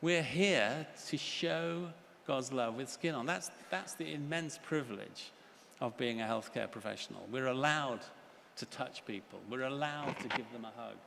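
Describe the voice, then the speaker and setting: This older man's medium-pitched voice is creaky and fairly bright, moving at normal speed, with slight background noise. He gives an earnest plenary lecture in a large, reverberant conference hall with faint ambience, telling stories in children's voices.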